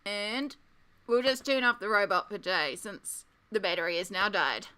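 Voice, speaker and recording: A woman's voice: medium pitch, moderate pace, sharp tone, clear, resonant tone. A woman streamer chatting casually with her viewers while colouring, giggly and self-deprecating. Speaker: art streamer.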